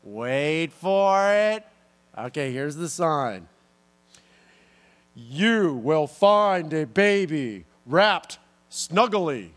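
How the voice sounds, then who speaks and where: A man doing a slow, teasing angel voice. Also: a little high, very animated, fairly bright tone, pitched below the performer's own voice, heavily acted. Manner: slow, teasing, drawn-out delivery. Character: male angel playing up a dramatic pause. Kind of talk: sermon.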